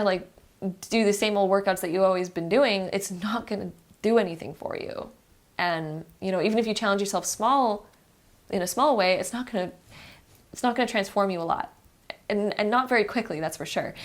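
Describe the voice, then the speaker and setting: A young woman giving a pick-a-card tarot reading in a chatty, encouraging way, speaking straight to the viewer. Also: mid-range voice. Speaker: tarot reader.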